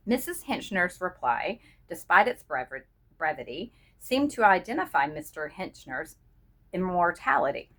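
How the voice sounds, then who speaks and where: A woman reading a short story aloud in a measured, expressive narrating manner. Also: lowish voice. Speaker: reader.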